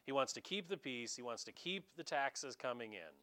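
A man preaching a conversational sermon as pastor, animated and dramatizing, talking straight to his congregation. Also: medium pitch, moderate pace.

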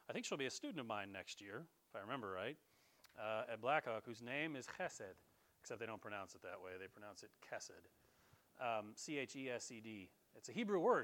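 A middle-aged man preaching a conversational sermon to his congregation in a church, quoting scripture with feeling. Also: medium pitch. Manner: animated, conversational preaching, quotes scripture in a raised voice. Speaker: pastor. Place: church sanctuary.

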